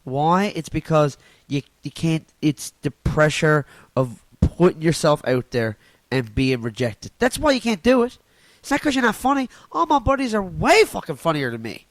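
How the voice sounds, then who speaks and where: A man's voice: a little high, big pitch swings, normal speed, dry recording. A man with a Newfoundland accent, ranting casually and profanely into his phone at home on the couch, laughing at his own jokes. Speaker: podcast host and stand-up comic. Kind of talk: casual solo rant.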